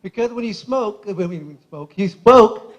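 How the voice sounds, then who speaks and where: Best man, male, high-pitched, casual and giggly, emotional wedding toast at a reception. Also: lively intonation, unhurried, muffled recording, a little hiss or hum. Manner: chatty, laughs often through his stories; admits he gets emotional.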